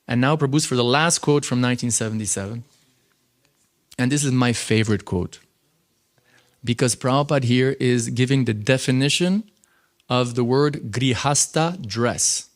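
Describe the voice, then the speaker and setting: A man teaching a scripture class in a temple, lecturing in an animated, conversational way with frequent fillers. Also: medium pitch, moderate pace.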